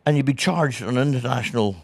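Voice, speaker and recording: Guesting on a casual interview, a Northern Irish comedian spins stories with animation, mimicking the voices of the people in them. He speaks at a quick pace in a medium-pitched, creaky voice, with no echo.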